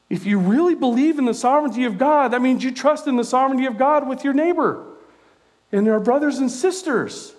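A middle-aged pastor from California delivers a sermon in a lively, conversational way, telling stories from his own life. His voice sits high for a man. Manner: conversational, animated storytelling preacher.

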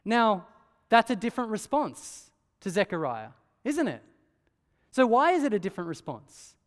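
A man's voice: high-pitched, big pitch swings, normal speed. A man preaching a sermon in a conversational way, often asking rhetorical questions. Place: church hall. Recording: long church-hall reverb.

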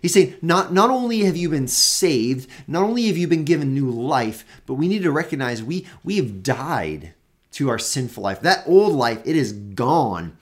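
A man's voice: a little high, very animated, normal speed. A man hosting a Bible teaching show, talking casually and earnestly, with frequent fillers and restarts, growing emphatic on key points.

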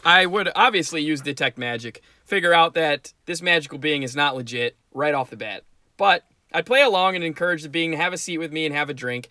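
A man's voice: a little high, lively intonation, brisk, bright, forceful tone, no room sound, studio quality. A man co-hosting a podcast, chatting playfully about tabletop game scenarios and laughing often. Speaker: podcast co-host.

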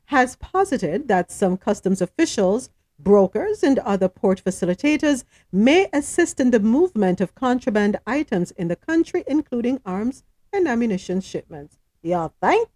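A woman with a slightly high, dark voice and big pitch swings talks at normal speed, with no echo. Reading news stories aloud on a podcast she hosts, she chats, asks her co-hosts questions, and gets tripped up by names.

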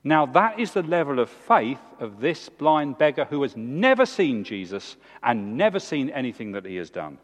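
A man, preaching a sermon in a church with emphatic, animated delivery. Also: normal speed, few pauses. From England. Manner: animated, emphatic preaching with big swings in pitch. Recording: long hall reverb.

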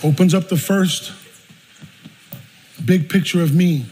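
A man, a pastor preaching a personal story in an animated, emotional way. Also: high-pitched, slow. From South Bronx, New York. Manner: animated, emotional storytelling with bursts of laughter and shouting. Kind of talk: storytelling sermon. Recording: long reverb with faint room noise.

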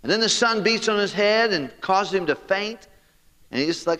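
A man preaching a sermon as pastor, animated and talking straight to his congregation. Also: sits high, normal speed, big-room sound.

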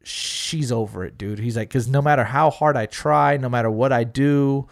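A man's voice: medium pitch, normal speed, creaky, no room sound, studio quality. A middle-aged man telling a story in casual chat, swearing freely, quoting friends and using lots of fillers. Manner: loose and profane, lots of fillers, quotes friends and family.

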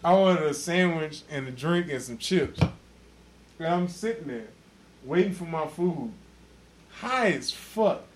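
A man hosting a casual podcast, loudly telling a drunk, profane story full of laughter. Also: on the high side, expressive, measured pace, a little hiss or hum. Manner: loud, profane, laughing, acts out quotes. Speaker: podcast host.

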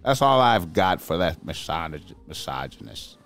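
A man riffing in profane, rambling casual commentary, circling back over the same phrases again and again. His voice sits fairly low but leaps into high, disbelieving yelps. Soft music plays faintly underneath. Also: big pitch swings, moderate pace. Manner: rambling, repetitive, bursts into high-pitched incredulous outbursts.

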